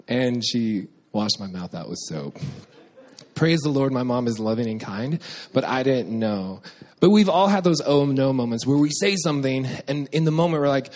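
A man's voice: medium pitch, moderate pace. Storytelling man preaching a sermon. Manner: storytelling, lively with quoted voices. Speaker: pastor.

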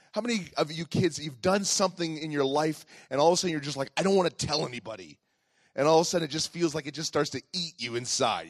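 A man preaching a family service as pastor, telling a childhood story with acted-out voices and then turning quiet and earnest. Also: a little high, no room sound, clean studio sound. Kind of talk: family sermon with personal storytelling.

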